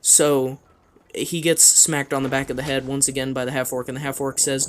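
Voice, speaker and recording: A man's voice: medium pitch, level tone, normal speed, background noise. Man rambling through a game story. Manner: rambling, with frequent fillers and chuckles. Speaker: player recounting a game. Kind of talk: casual storytelling.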